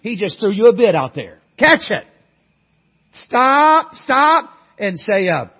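A middle-aged man preaching a sermon, swinging from loud exhortation to quiet earnest asides and calling on the congregation for amens. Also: high-pitched, very animated, slow, breathy edge, muffled recording. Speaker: guest preacher.

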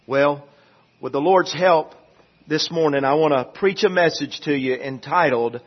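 Pastor guy preaching in church, high voice, slow and emphatic, muffled recording. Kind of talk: sermon.

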